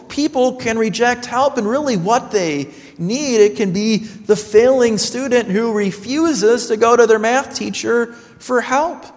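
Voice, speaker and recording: Male pastor with a very high, unhurried delivery; earnest sermon storyteller. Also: in a large hall. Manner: earnest storytelling with quoted dialogue.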